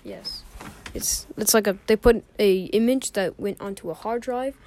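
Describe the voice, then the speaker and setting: A teenage podcast host in casual chat, rambling, joking and swearing a lot. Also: female voice, medium pitch, normal speed, darkish tone, a little hiss or hum. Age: teens. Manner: rambling, swears a lot, jokey fake Australian slang.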